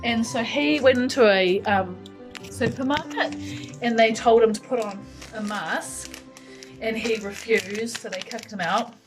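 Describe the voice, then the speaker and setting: A woman's voice: a little high, unhurried, rough recording. A woman chatting casually to camera at home, thinking aloud and rambling with lots of ums. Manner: talks to her cat mid-story. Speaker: vlogger. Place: at home in her lounge. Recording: music playing behind.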